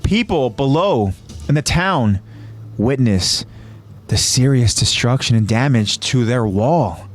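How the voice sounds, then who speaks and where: A man hosting a podcast, narrating an episode recap in a casual tone and jumping into quoted lines with a raised, shouting voice. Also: mid-range voice, expressive, slow pace, soft background music.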